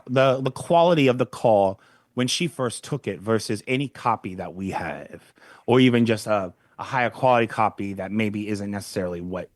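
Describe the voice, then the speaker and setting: A man co-hosting a true-crime podcast in casual chat, rambling with wry deadpan asides on a close mic. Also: on the low side, normal speed, dry recording. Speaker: podcast co-host.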